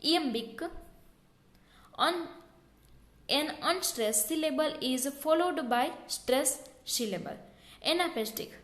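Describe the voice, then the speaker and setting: A woman with a high voice explains exam answers step by step, going back over each point. She speaks slowly and deliberately. The recording has a noticeable room echo. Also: expressive, fairly bright tone. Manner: slow, explanatory, repeats key points. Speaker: teacher. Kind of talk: exam question walkthrough. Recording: echoey room.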